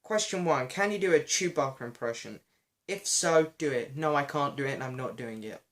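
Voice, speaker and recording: A young man, hoarse because his voice is going, chatting and apologizing as he answers viewer questions in a casual vlog. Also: mid-range voice, normal speed, fairly bright tone. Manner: chatty, self-deprecating, often apologetic.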